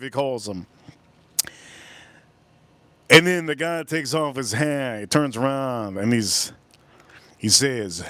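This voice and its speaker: A man's voice: mid-range voice, animated, measured pace, long pauses, a bit bright, no echo. A man hosting a livestream, ranting bluntly in casual chat, swearing freely and rambling between thoughts. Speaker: livestream host.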